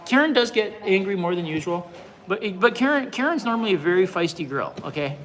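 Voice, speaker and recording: A man in his forties hosts a casual livestream and answers his chat. His voice sits high for a man and sounds bright and forward. He rambles, repeating words and restarting sentences as he goes. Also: very animated, a little fast, slight background noise, poor audio. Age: 40s. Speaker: livestream host. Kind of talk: casual live chat reading comments.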